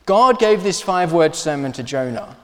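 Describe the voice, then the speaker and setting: A man preaching a sermon in a church, earnest and emphatic, with pauses and restarts. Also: a little high, animated, fairly bright tone, big-room sound. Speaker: pastor.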